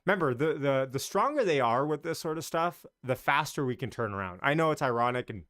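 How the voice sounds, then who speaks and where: A man's voice: mid-range voice, animated, a little fast, a bit bright, no echo, studio quality. A man hosting a casual live stream about the market, chatty and loose, greeting viewers as he talks. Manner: talks in loose, restarting sentences.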